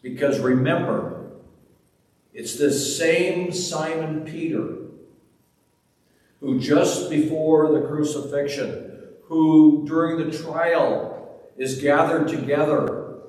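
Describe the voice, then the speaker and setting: A pastor delivers a slow, deliberate sermon and retells scenes with drama. His voice carries through a long, reverberant church hall. The mic sits well away from him, with faint room ambience behind. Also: fairly high pitch, steady tone, a little mellow, distant mic.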